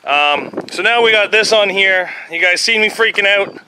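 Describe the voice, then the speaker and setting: A man vlogging from his workshop, talking to himself and his viewers in a chatty, excitable way with jokes as he works. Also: sits high, moderate pace. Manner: chatty, excitable, jokey self-talk. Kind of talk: casual workshop vlog. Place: garage workshop. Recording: noisy workshop.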